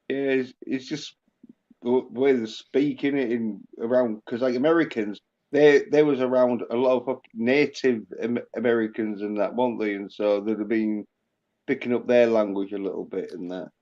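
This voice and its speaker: A man joining a casual livestream chat, explaining things in halting, rambling bursts. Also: mid-range voice, darkish tone. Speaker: livestream guest. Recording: muffled lo-fi line.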